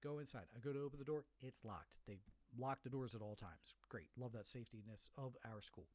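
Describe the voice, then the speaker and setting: A man's voice: medium pitch, fairly quick, dry recording. A middle-aged man hosting a solo podcast, telling a story with animation and acting out the voices of the people in it. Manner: animated storyteller who acts out the voices of others. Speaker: podcast host.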